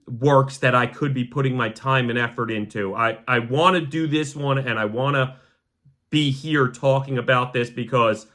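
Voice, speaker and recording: A young man hosting a podcast, talking to camera in a heartfelt, halting way that sometimes sounds choked up. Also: medium pitch, bright, forceful tone. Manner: repeats the word "gang" to the audience. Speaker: podcast host. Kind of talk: emotional personal monologue to camera.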